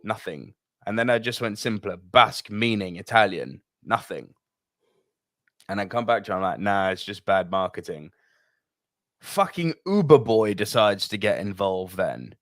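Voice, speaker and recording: A British man co-hosting a podcast, telling stories in a casual, animated way with lots of swearing and sudden jumps in pitch. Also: normal speed, dry recording, clean studio sound. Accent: British English. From England. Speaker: podcast co-host. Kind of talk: casual chat.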